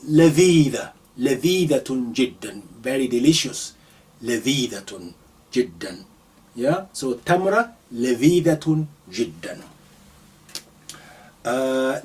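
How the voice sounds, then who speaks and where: Slow, lively man teaching vocabulary. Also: on the high side, far from the mic. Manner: repeats each word several times, clear deliberate enunciation. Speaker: Arabic teacher. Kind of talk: live vocabulary lesson, slow repetition drills.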